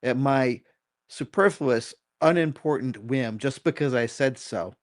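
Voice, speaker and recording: A man's voice: mid-range voice, unhurried, no room sound, clean studio sound. A middle-aged man, a dog trainer and guest, telling a story in a candid, self-critical way and swearing casually.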